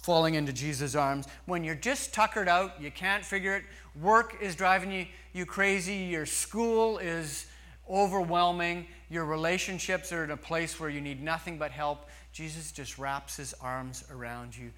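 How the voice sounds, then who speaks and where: A man preaching a sermon slowly and earnestly, with long pauses. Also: fairly high pitch, steady tone, bright, forceful tone. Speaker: pastor.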